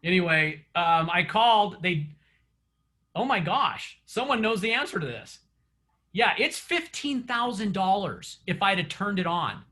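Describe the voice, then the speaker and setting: A man with a high, bright voice gives a chatty coaching session, spinning stories and laughing often. He speaks to his group of real estate agents over an online meeting. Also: sing-song, measured pace.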